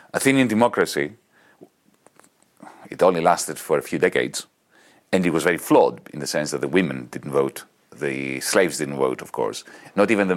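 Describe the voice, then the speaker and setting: A man from Greece speaking as an interview guest, arguing his point emphatically and repeating words as he searches for them. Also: extremely low pitch. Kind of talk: conversational argument.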